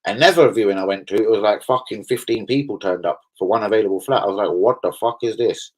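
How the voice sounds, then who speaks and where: A man with a London accent, his voice sitting on the low side, runs a casual livestream and chats straight to his viewers. His banter is blunt and heavily laced with swearing. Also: expressive, quick pace, low-quality recording. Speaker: livestream host.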